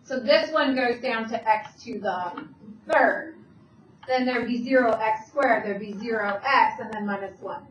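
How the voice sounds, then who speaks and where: A woman math teacher giving a classroom lecture, walking students through the steps with brisk questions. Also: fairly high pitch, muffled recording. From Italian heritage. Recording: echoey classroom, voice from far off, faint hum.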